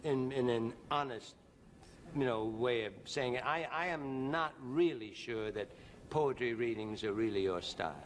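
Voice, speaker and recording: A man's voice: mid-range voice, moderate pace. A man hosting a variety show, bantering in a comedy sketch with a stammering, mock-earnest delivery. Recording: noisy old TV broadcast.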